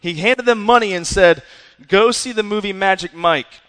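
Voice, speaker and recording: A man preaching to young people, energetic and conversational, often asking "right?" and saying "listen". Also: high voice, normal speed, long reverb tail. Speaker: youth pastor.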